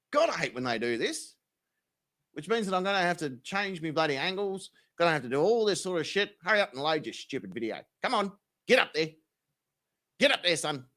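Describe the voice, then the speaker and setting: A man's voice: on the high side, very animated, brisk, pushed and bright. An Australian man hosting a live stream, casually chatting with viewers, swearing freely and laughing often. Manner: profane, laughing, joking with chat. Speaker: livestream host. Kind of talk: casual live chat reading comments.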